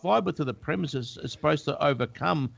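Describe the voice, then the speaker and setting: A man's voice: a little high, moderate pace, creaky, no echo, muffled recording. An Australian man co-hosting a casual tech podcast, a chatty storyteller who acts out the people he quotes. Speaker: podcast co-host.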